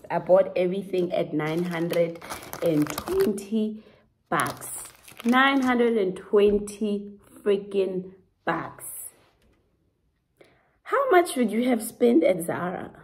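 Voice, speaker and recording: Slow, gushing South African woman. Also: mid-range voice, darkish tone, slight background noise, poor audio. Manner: dramatic and gushing, with frequent laughs. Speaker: fashion vlogger. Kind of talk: casual try-on haul chat.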